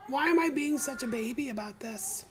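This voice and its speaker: A woman hosting a podcast live stream, telling her own story in a candid, confessional way with halting pauses. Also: sits high, a little hiss or hum, rough recording. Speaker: podcast host.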